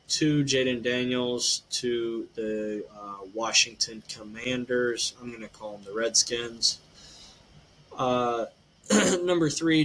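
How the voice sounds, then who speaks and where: A man's voice: mid-range voice, a bit bright, slight background noise, low-quality recording. A man hosting a casual sports podcast, rambling through betting picks with lots of ums and a habit of tagging "eh" onto his sentences. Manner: rambling, filler-heavy, says "eh".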